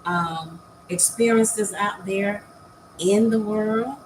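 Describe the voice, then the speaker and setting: An older woman vlogs in an unhurried, heartfelt way, trailing off into ums and repeating herself as she gathers her thoughts. Her pitch sits in an ordinary middle range. A faint background hiss runs under the recording. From United States. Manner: halting, many fillers and repeated words; earnest and heartfelt. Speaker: new YouTube content creator. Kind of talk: casual vlog talk to viewers.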